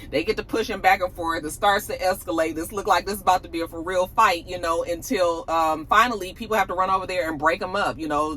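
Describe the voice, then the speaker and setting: A woman, casually recapping a TV episode for her channel and acting out the characters' lines as she goes. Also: lowish voice. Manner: animated storytelling, acts out characters' lines. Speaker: TV review vlogger. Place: at work on lunch break.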